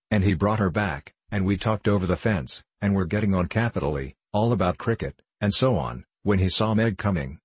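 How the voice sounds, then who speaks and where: A man reading a classic novel aloud as an audiobook narrator, in an even, unhurried manner. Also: low voice, breathy edge, dry recording. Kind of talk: scripted narration.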